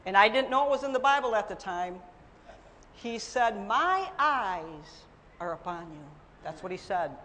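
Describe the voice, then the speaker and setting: A middle-aged woman preaching a sermon, telling her own story with emphatic swings between loud and soft. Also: fairly high pitch, big-room sound, slight background noise.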